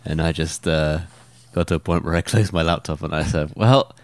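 A man's voice: rumbling low, little pitch movement, brisk, clean tone, no room sound. A young man co-hosting a podcast in casual chat, rambling and hesitant with lots of fillers. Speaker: podcast co-host.

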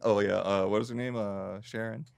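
A man's voice: lowish voice, fairly even intonation, normal speed, creaky, clear, resonant tone. A man hosting a podcast, chatting casually and dropping into silly voices and noises. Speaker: podcast host. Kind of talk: casual chat.

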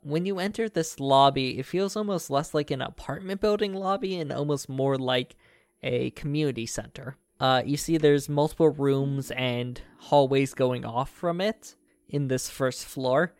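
A male game master describing a scene in a tabletop game, talking casually and stopping often to find words. His voice is smooth and clear. The close mic adds no room sound. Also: medium pitch, no echo. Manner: casual, halting, with many fillers and restarts.

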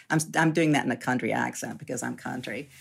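A woman around sixty, a journalist telling her story candidly in an interview, animated and often laughing. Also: extremely low pitch, fairly quick, gravelly, husky.

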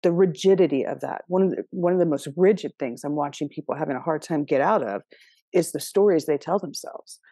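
A woman's voice: deep voice, fairly quick, mellow, breathy edge, dry recording, studio quality. A woman giving a casual astrology reading, chatty and direct, often checking in with her listeners. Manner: chatty and direct, with frequent laughs and "okay?" check-ins.

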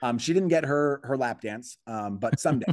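At a moderate pace, this male comedian spins a casual story as a podcast interview guest, voicing quoted lines with sudden rises in pitch. His many restarts stack up as he works things out aloud, in a dry, close recording with no room sound.

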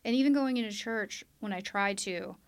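A woman's voice: medium pitch, normal speed, clear, resonant tone. A woman sharing a candid personal testimony on a podcast, earnest and quoting her past self aloud. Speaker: guest sharing her story.

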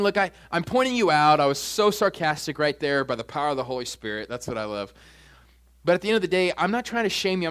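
A young man preaching a sermon as pastor, animated, jumping his voice up high when acting out quoted asides.

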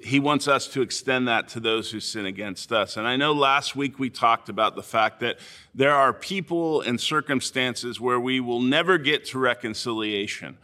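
A man preaching a sermon as a pastor, speaking in a measured, earnest way with slow, deliberate phrasing. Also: medium pitch, pushed and bright.

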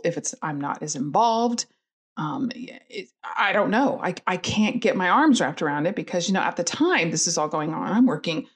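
A middle-aged woman telling a personal family story in an earnest, candid way, with many fillers and restarts. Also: lowish voice. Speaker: guest telling her story.

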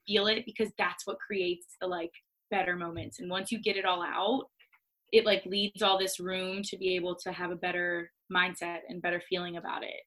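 A woman's voice: on the low side, moderate pace, low-quality recording. A young woman speaking as a podcast guest, talking openly and animatedly and using "like" a lot. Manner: candid, animated, lots of "like". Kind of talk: casual conversation.

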